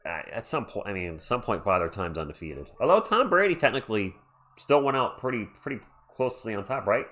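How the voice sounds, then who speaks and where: A man hosting a casual livestream from home and calling a basketball game play by play. He chats excitably, breaking off to read out messages from chat, with his voice close on a desktop microphone. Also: on the low side, brisk. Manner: chatty, excitable, reads chat aloud. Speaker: livestream host. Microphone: USB desktop microphone.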